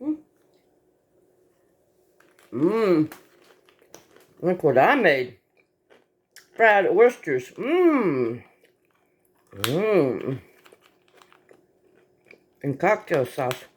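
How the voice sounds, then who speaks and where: A woman's voice: low-pitched, very animated, very slow, pauses often, slight background noise. A woman in a home video, talking to her pet in doting baby talk while it eats. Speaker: pet owner filming her pet.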